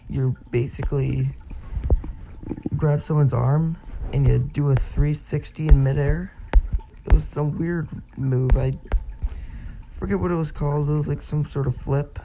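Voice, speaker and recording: A man's voice: a little high, steady tone, a little slow, long pauses, phone-quality sound, noisy background. A young man casually telling a personal story on his vlog, rambling and full of fillers. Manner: rambling, filler-heavy retelling. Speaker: vlogger.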